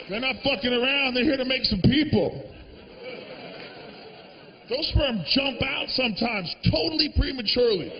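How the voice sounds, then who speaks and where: A man doing a stand-up comedy set on a live stage, brash and profane, breaking into shouted rants into a handheld mic. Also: high-pitched, big-room sound. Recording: dull lo-fi live recording.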